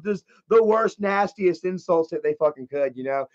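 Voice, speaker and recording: A man's voice: high-pitched, expressive, normal speed, a little mellow, dull audio. A man telling a story in a casual, profane, rambling rant, often repeating himself. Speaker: channel host.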